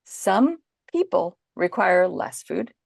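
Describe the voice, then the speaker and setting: A woman guest on a podcast, calmly and patiently explaining parenting advice in an instructive way. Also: medium pitch, takes it slowly, vocal fry, no echo, clean studio sound.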